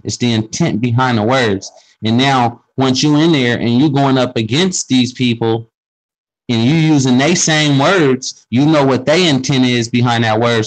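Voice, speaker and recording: A man in a casual group talk, explaining his views with slang and quick asides. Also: mid-range voice, poor audio. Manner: explains with questions and street slang. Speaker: speaker in a group discussion. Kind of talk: casual conversational monologue.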